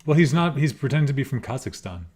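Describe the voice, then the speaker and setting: A man's voice: medium pitch, animated, fast talker, darkish tone, breathy edge. A man with an American accent hosting a podcast in casual chat, thinking aloud and chuckling. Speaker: podcast host. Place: podcast recording in Seoul.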